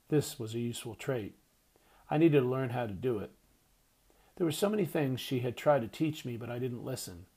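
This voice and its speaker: A man reading a first-person audiobook narration in a hushed, tender way. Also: mid-range voice, creaky, husky.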